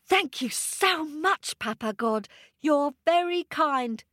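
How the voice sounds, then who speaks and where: A woman voicing an eager, cheeky little boy monkey in a storybook, with an excited, squealing manner. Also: high voice, takes it slowly, no echo, studio quality, voice pushed up, full character voice. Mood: grateful.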